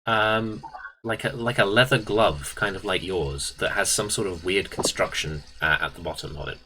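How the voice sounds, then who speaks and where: A man's voice: deep voice, steady tone, moderate pace, noisy background. A man running a tabletop game, rambling through his narration with lots of fillers and restarts. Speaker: game master.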